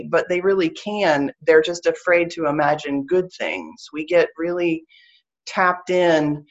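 A woman's voice: low-pitched, fairly even intonation, a little slow, dull audio. A woman with a Southern US accent teaching a live online class on spiritual practice, earnest and explanatory, repeating her key phrases.

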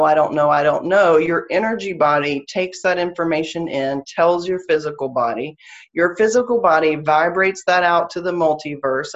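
The highs are cut off in this recording of a deep-voiced woman with a Southern US accent. Teaching spiritual practice in a live online class, she explains things earnestly and keeps repeating her main phrases.

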